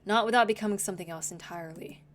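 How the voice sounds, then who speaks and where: A woman voicing an anxious, self-doubting teenage boy in a visual novel, reading his lines softly and haltingly. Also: mid-range voice, a little hiss or hum, natural voice. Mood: troubled.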